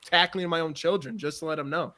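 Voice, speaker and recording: A man joining a casual football chat as a guest, blunt and offhand with the odd mild swear. His voice is bright and a little high, with a forceful edge. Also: fairly even intonation, quick pace. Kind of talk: casual sports talk.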